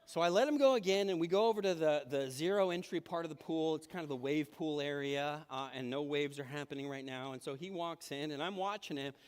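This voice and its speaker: Speaking fairly high and a little fast with few pauses, a man delivers a sermon in a large church hall. His clear, resonant voice carries lively stories as he performs each quoted voice.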